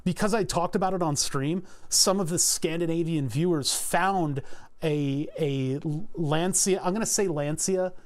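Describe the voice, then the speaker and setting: Philly guy rambling on stream, jokes around, swears a lot, kinda high voice. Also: moderate pace, few pauses. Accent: Philadelphia. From Philadelphia, USA. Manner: rambling, joking, swears freely, many restarts. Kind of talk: casual livestream chat while designing circuit boards.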